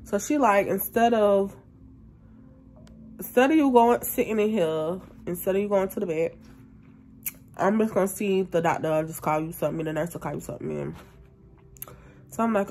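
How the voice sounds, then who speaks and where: Slow-talking sick woman. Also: lowish voice, a little mellow. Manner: colloquial, drawling, complaining. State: sick, coughing. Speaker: vlogger. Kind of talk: casual vlog talk to camera.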